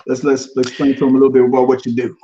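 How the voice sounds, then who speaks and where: A man's voice: mid-range voice, completely flat delivery, rapid-fire, dark tone, slight background noise. A man, hosting a casual podcast chat in a laid-back, rambling way and laughing often. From Houston, Texas. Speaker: podcast host. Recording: dull lo-fi audio.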